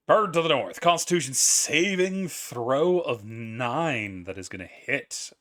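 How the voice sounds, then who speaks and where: A man running a tabletop game as game master, casual and quick to laugh and swear. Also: medium pitch, animated, fairly bright tone.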